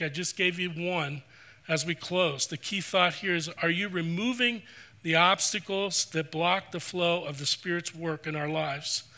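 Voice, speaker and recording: Bright-voiced preaching pastor, man. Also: high voice. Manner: earnest, preacherly, slows for scripture. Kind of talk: sermon. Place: church sanctuary.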